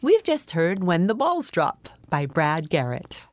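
A woman's voice: lowish voice, huge pitch swings, measured pace, background noise. A woman announcer reading a scripted audiobook introduction in a polished, promotional manner. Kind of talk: scripted narration.

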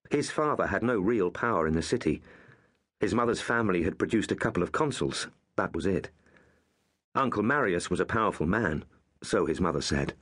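Expressive low-voiced male narrator. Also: husky. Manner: measured, expressive storytelling. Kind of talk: audiobook narration.

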